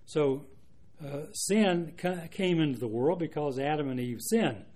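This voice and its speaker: A man preaching an expository Bible sermon in an earnest, measured way, reading out verses and explaining them. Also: a little high, darkish tone. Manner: earnest, measured, with frequent restarts and asides.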